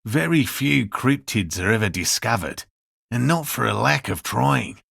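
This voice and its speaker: An actor voicing an earnest, hopeful middle-aged cryptozoologist in a video game, speaking in a measured, lecturing way. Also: male voice, medium pitch, expressive, gravelly, fairly bright tone, slightly rough, dry recording, clean studio sound, full character voice. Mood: explaining.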